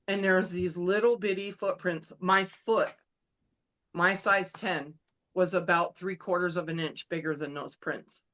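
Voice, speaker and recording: A woman's voice: on the low side, fairly even intonation, measured pace, fairly bright tone, low-quality recording. A middle-aged woman, a podcast guest, casually recounting events and quoting others' dialogue, with many fillers. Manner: retells events with lots of quoted dialogue and fillers. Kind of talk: casual storytelling.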